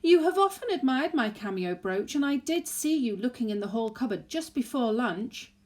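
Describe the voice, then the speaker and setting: A woman's voice: fairly high pitch, very animated, moderate pace, a little mellow, voice pushed up. A woman voicing a scheming elderly grandmother who talks in a sweetly insinuating, sing-song way, in a storybook reading. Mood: sly sweet. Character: sly, scheming old grandmother, falsely innocent.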